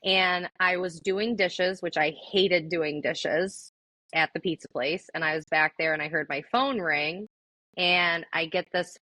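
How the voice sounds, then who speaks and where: A woman's voice: lowish voice, a little slow, bright, forceful tone, dry recording. A young adult woman telling her story as an interview guest in a casual, chatty way, full of likes and ums. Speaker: interview guest, army veteran.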